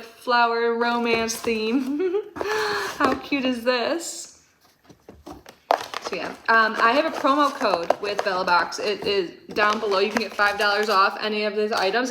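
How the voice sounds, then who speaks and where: A woman in her thirties chatting through a casual unboxing, gushing and excitable with lots of fillers. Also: mid-range voice, noisy background. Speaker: subscription box reviewer.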